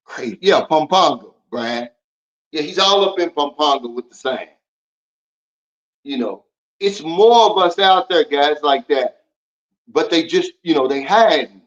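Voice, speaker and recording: A man hosting a casual livestream, talking bluntly and lecturing his viewers as he answers their comments. His voice sits a little high for a man. The audio is dull and lo-fi. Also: lively intonation, measured pace, long pauses. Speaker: livestream host.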